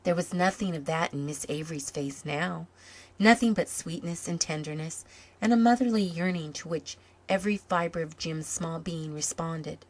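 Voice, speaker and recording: A woman reading a story aloud in calm, measured scripted narration. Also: deep voice. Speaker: story reader.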